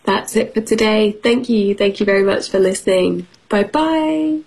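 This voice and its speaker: A woman's voice: medium pitch, steady tone, normal speed, a little mellow, breathy edge, faint music behind, rough recording. A woman teacher reading a picture book aloud to children, encouraging them and asking questions. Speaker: English teacher.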